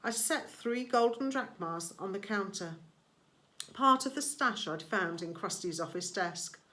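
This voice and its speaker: A woman reading a novel aloud in first person, measured and expressive. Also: mid-range voice. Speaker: audiobook reader.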